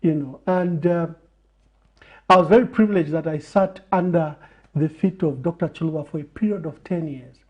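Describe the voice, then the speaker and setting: Man with a measured, preaching cadence. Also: on the high side, highs cut off. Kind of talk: reflective talk in a TV interview.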